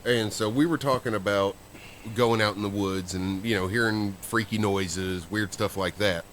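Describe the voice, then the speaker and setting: A man's voice: lowish voice, moderate pace, fairly bright tone, slight background noise. A man co-hosting a podcast, telling a story in a rambling, casual way. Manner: rambling storyteller with fillers and restarts. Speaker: podcast co-host.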